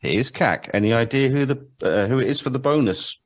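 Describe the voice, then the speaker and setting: A man co-hosting a podcast, putting lyrics quiz questions to a guest in brisk, good-humoured chat. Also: medium pitch. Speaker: podcast co-host running a quiz. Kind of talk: casual chat, reading out song lyrics.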